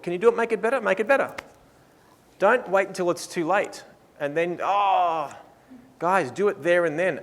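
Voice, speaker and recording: A man leading a live workshop, playful and lively, acting out what his listeners think. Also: on the high side. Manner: lively, playful, acts out clients' thoughts. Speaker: workshop presenter. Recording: reverberant hall sound.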